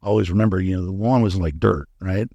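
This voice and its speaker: A man's voice: sits low, fast, vocal fry, dark tone, dry recording, muffled recording. A man as a podcast interview guest, telling a candid story in a frank, profane way with many fillers and restarts.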